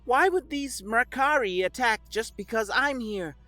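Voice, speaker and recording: A defiant young human woman, as a male narrator puts her on, pressing and urgent. The voice sits high and swings freely, with a bright edge, in a sci-fi audiobook reading. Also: lively intonation, a little slow, dry recording, faint music behind, exaggerated voice.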